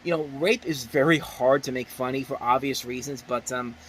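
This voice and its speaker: A man's voice: mid-range voice, moderate pace, a bit bright, slight background noise, poor audio. A man giving a casual spoken movie review, enthusiastic and rambling, often restarting his sentences.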